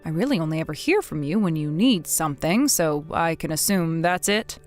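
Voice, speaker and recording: A woman playing a blunt, widowed older mother who scolds her grown son in a measured, firm way, in a scripted text-message drama. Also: sits low, lively intonation, soft background music. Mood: calm.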